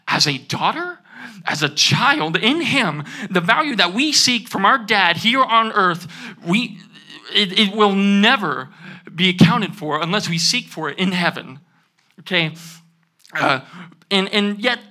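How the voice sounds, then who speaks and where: Young student giving a sermon, super earnest, repeats stuff, gets the crowd to say it back, bright voice. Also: mid-range voice. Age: young adult. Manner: earnest, repeats key phrases, leads audience call-and-response. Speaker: student speaker.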